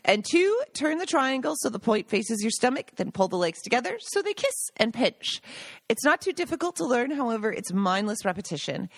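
A woman's voice: on the high side, big pitch swings, a little fast, gravelly, no room sound. A woman reading aloud from her own memoir, stopping now and then for personal asides and laughter. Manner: breaks off the reading for emotional asides, laughing and choked up.

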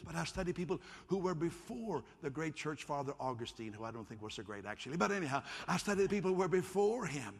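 Raspy, creaky-voiced man preaching. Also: medium pitch, big-room sound. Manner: animated, playful, asks the congregation to respond. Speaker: pastor. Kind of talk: sermon. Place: church hall.

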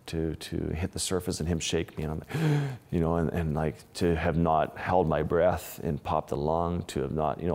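A man's voice: a bass voice, darkish tone, big-room sound. A man, an underwater photographer, telling stories of close calls in an interview, with frequent restarts and vivid retelling. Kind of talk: storytelling interview.

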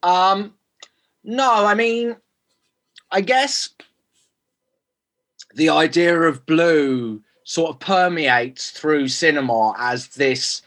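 A man's voice: on the high side, drawn-out words, pauses often, fairly bright tone. A man, a film director, answering interview questions casually with many fillers and restarts.

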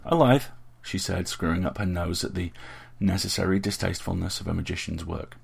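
A man narrating a fantasy story aloud in a steady, measured way. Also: sits low, gravelly, husky. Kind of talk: audiobook narration.

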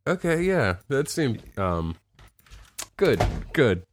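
A man's voice: mid-range voice, sing-song, slow pace, noisy background. A man hosting a podcast in casual chat, dry and sarcastic, steering the talk. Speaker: podcast host.

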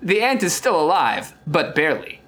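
Man, podcast host, playful gamebook narration, lively pitch, laughs often. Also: normal speed. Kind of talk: casual comedic narration.

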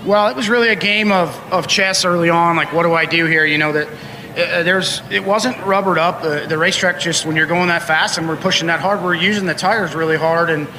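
A man's voice: on the high side, fairly quick, in a large hall, noisy background. A man interviewed at the track after winning a race, talking in a rambling way full of fillers. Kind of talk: post-race victory interview. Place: outdoor racetrack.

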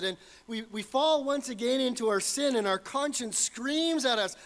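A man's voice: very high-pitched, moderate pace, hardly any pauses, fairly bright tone. A man preaching a sermon as pastor, earnest and building to fervent emphasis.

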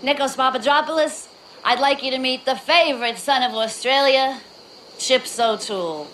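A woman's voice: high-pitched, normal speed, a bit bright, a little hiss or hum, poor audio. An actress playing an eager young con woman in a film clip. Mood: gushing.

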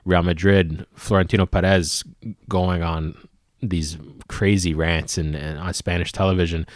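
Casting: low-voiced male podcast co-host, relaxed explainer, dry close recording. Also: dry recording. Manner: explanatory, halting with fillers. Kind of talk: casual podcast discussion.

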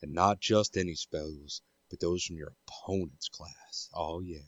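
A man's voice: sits low, steady tone, no room sound, lo-fi sound. Man putting on a sultry Southern crooner. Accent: Southern US put on. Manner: slow drawling sultry delivery. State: has a cold. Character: sultry deep-voiced male crooner, smooth and slow.

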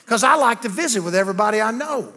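A man preaching a sermon, telling folksy stories and building to loud, emphatic declarations. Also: sits high, animated, fast talker, breathy edge. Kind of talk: sermon with storytelling.

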